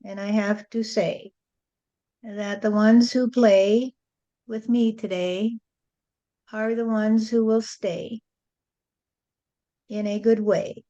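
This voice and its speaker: A woman delivers a channeled spiritual address as a medium, moving at a slow, deliberate pace. Her tone is soft and mellow, and she preaches in rhyming, sing-song phrases. The recording sounds dull and lo-fi. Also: medium pitch, steady tone.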